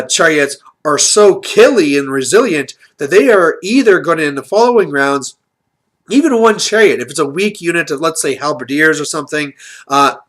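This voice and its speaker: A man's voice: on the high side, fairly bright tone. A man hosting his channel, giving casual strategy commentary in a chatty way, with lots of fillers. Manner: chatty, filler-heavy, explaining tactics. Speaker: channel host.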